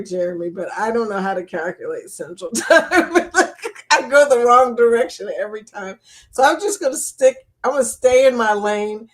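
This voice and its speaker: An older woman hosting a live chat stream, reading out viewer comments in a chatty, teasing way and laughing often. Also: a little high.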